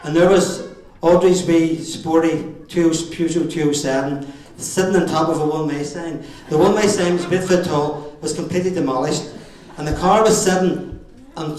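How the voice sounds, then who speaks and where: Northern Irish dad, very echoey hall. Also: male voice, fairly high pitch, a little mellow. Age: middle-aged. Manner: jokey storytelling with chuckles. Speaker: father of the bride giving a speech. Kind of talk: wedding speech anecdotes. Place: wedding reception hall. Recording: very echoey hall, far from the mic.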